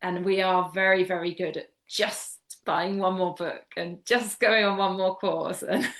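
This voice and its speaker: A woman's voice: lowish voice, steady tone, slow pace, fairly bright tone. A woman from the UK, a guest homeopath chatting casually in a podcast interview, often repeating words for emphasis and laughing easily.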